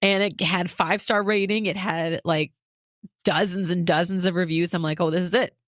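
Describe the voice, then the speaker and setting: Sitting on the low side, her voice moves at a moderate pace on a dry, studio-quality recording. She's a podcast co-host sharing a personal anecdote on a casual show, acting out what others said and punctuating it with nervous laughs.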